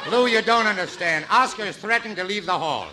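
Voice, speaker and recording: A man's voice: sits high, fast, very noisy. A man hosting a 1940s radio comedy show, trading gags and chuckling between jokes. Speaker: radio show host and singer. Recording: 1949 radio broadcast with orchestra.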